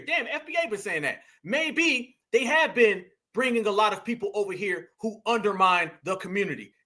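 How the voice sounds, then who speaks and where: A man's voice: high-pitched, sharp tone. A man hosting an online commentary stream, talking to viewers in an emphatic, slangy, casual way.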